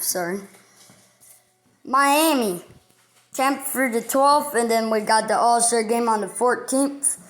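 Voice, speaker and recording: In a casual sports news segment, the female host reads the schedule piece by piece. She talks slowly in a somewhat high voice, her delivery halting and list-like.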